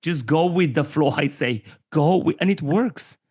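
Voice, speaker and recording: A man's voice: fairly high pitch, measured pace, breathy edge. A man in his forties from Armenia, talking as an interview guest in a somewhat raised voice. He tells stories with animation and slips into little impressions of the people he quotes. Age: 40s. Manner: animated storyteller who acts out quoted voices. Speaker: podcast guest. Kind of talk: candid conversational interview.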